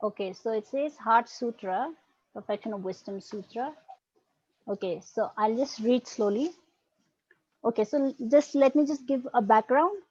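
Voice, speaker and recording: A woman's voice: a little high, measured pace, darkish tone, breathy edge, no echo. A woman teaching an online Buddhist philosophy class over a video call, explaining patiently and often checking in with "right?" and "okay". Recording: dull lo-fi video call audio.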